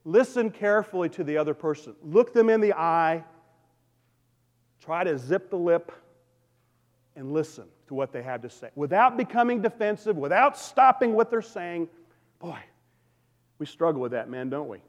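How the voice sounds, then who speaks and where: Man, pastor, conversational sermon, fairly high voice, long church reverb. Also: very animated, moderate pace, long pauses, lo-fi sound. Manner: conversational preaching with audience call-outs. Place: church sanctuary.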